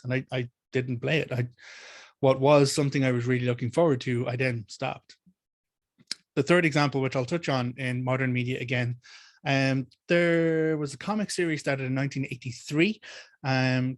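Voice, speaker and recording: Irish man, mid-pitched, animated Q&A explainer, dry close mic. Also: no echo. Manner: animated and discursive, with many restarts. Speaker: teacher of Irish mythology. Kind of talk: community Q&A talk.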